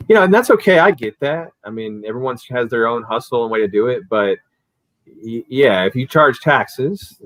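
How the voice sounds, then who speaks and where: A man's voice: fairly low pitch, no echo, low-quality recording. A man guesting on a livestream, telling a story in casual chat and acting out the people in it. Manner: animated storyteller who acts out the people in his stories. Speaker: livestream guest, collectibles seller.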